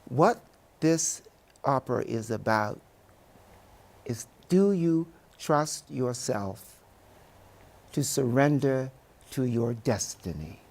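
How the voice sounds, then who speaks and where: An older man, a Broadway actor giving a studio interview, speaking in measured, oratorical phrases. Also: mid-range voice, lively intonation, a little mellow.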